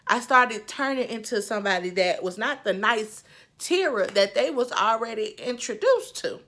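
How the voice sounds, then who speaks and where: A woman vlogger telling a story casually to camera, animated and laughing, swinging between hushed and loud. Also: medium pitch, moderate pace.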